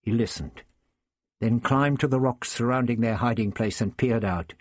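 A man narrating a story as an audiobook reader, expressive and deliberate. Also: medium pitch, dry recording, studio quality. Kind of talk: scripted narration.

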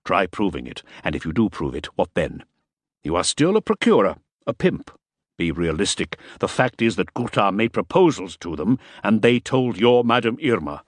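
A man voicing a nervous, sweating middle-aged fixer who gives clipped, urgent orders in a low, dry tone. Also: big pitch swings, normal speed, no room sound. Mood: impatient.

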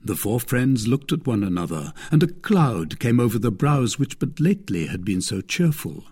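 Husky man reading an audiobook. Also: medium pitch, very animated, moderate pace, mellow. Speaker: narrator. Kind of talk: audiobook narration.

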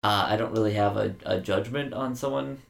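A man's voice: lowish voice, brisk, vocal fry. A man co-hosting a casual podcast, joking around and rambling with lots of fillers and restarts. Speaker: podcast co-host.

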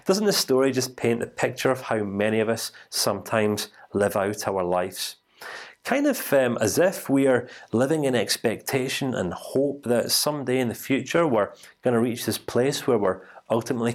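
Male instructor, storytelling lesson, relaxed and conversational, checks in with listeners, mid-range voice. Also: mid-range voice.

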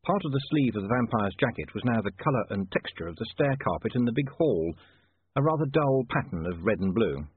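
A man's voice: medium pitch, very animated, fairly quick, husky, no room sound, narrow, tinny audio. A man voicing a fussy male vampire photographer who speaks in stiff formal phrases, for an audiobook. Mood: unruffled.

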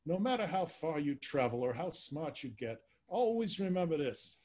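A man's voice: on the high side, sing-song, moderate pace, darkish tone, voice pushed up. A man voicing an old man giving a son gambling advice, in a put-on tough-guy New York mobster drawl. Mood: warning.

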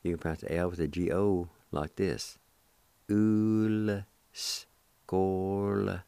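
A man with a very low voice teaches vocabulary at an unhurried pace, patiently spelling every letter and repeating each word. His tone is dark and mellow, and the recording is close and dry. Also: fairly even intonation, gravelly, smooth, no echo. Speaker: radio host teaching the language. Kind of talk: slow spelled-out language lesson.

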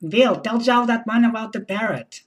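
A woman's voice: fairly high pitch, moderate pace, rough recording. A woman acting in a comedy sketch as an eager hostess who speaks about home life in earnest corporate buzzwords. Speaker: sketch actor playing a corporate-speak wife.

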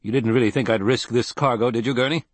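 A man's voice: medium pitch, fast talker, no room sound, close to an everyday voice. Man voicing Duke Leto, a firm commanding nobleman. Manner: firm, authoritative, flat when angry. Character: commanding, composed male nobleman pilot, middle-aged.

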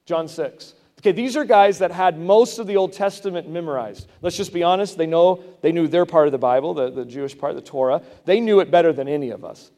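A man preaching a sermon in a conversational way, breaking into loud emphatic bursts. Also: a little high, fairly quick, few pauses. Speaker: pastor. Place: church sanctuary. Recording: long hall reverb.

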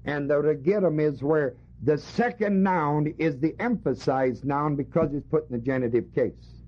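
A male preacher with a slightly high voice speaks at a moderate pace, teaching his congregation a Bible passage. His sermon is emphatic and full of rhetorical questions, captured on a dull lo-fi recording.

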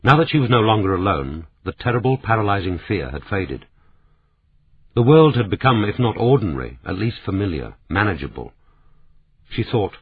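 Deep husky male audiobook narrator. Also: big pitch swings, normal speed. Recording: tinny narrow-band audio.

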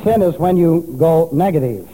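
A man delivers an expository sermon, stopping to spell Greek words letter by letter. His voice sits high yet sounds very dark and mellow. It rings with the long reverb of a large church hall. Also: animated, normal speed. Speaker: pastor.

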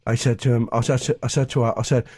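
A middle-aged man chats loosely and crudely, laughing at his own jokes. His voice sits at an ordinary middle pitch. Guitar music plays clearly in the background. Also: little pitch movement, fast. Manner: rambling, crude, laughing, jokey. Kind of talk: casual chat over music. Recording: music playing clearly behind.

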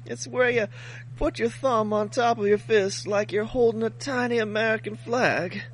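A man cracking wry jokes in relaxed podcast banter. His voice sits high, over a faint hum. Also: moderate pace, low-quality recording. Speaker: podcast co-host. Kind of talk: casual podcast chat.

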